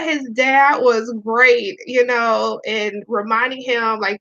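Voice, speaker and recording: A woman's voice: a little high, fairly even intonation, a little slow, few pauses, sharp tone, lo-fi sound. A woman, a Navy veteran and police officer, candidly telling her own story to viewers, near tears and often repeating herself. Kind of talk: emotional personal storytelling to viewers.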